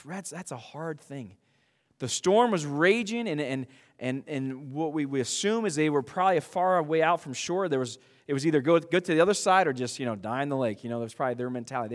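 A man preaching a sermon to his church in a conversational, animated way, with frequent asides. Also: a little high, in a large hall. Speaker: pastor.

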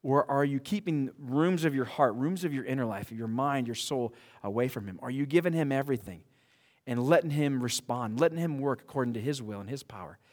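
Male pastor, sermon, average pitch, animated and repetitive, church hall reverb. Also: brisk. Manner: animated, repeats words as he restarts, laughs at his own stories.

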